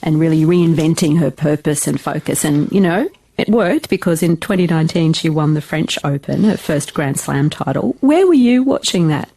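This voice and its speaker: A woman hosting an interview, her voice gravelly with fry and a husky edge. She asks friendly questions that lead her guest into his stories. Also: low-pitched, normal speed, few pauses, dark tone.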